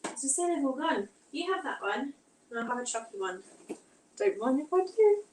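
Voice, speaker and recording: A woman's voice: high voice, very animated, moderate pace, roomy sound, far from the mic, very noisy. A woman chatting casually with viewers while she does housework, rambling a little and reading out comments, her throat tight and strained. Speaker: vlogger. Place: home kitchen.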